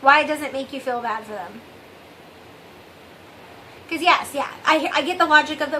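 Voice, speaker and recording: Here the woman's high, pushed, bright voice moves at normal speed with long pauses, over a low-quality recording with slight hiss or hum. Hosting her vlog, she talks straight to viewers in a rambling, candid confession, sprinkling in "I don't know" and self-mocking wit.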